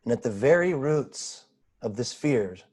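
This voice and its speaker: A man guiding a slow, pausing meditation over a video call, asking gentle questions. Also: medium pitch, lively intonation. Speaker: spiritual teacher. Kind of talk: guided meditation.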